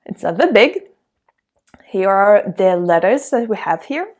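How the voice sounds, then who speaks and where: A woman's voice: mid-range voice, big pitch swings. A woman from Russia with a Russian accent, teaching a language lesson in a patient, encouraging way. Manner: patient, encouraging, reads words slowly for repetition.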